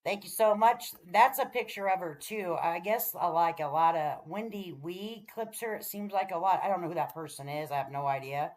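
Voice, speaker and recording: Woman, lowish voice, folksy livestream host who swears freely. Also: normal speed, hardly any pauses, a little mellow. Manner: folksy, swears freely, talks straight to chat. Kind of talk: casual livestream chat.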